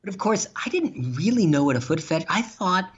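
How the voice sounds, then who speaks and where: On a podcast, a guest with a high-sitting, brisk, slightly rough male voice tells funny anecdotes, laughing as he goes. His storytelling is animated and casual, and the lo-fi recording sounds dull.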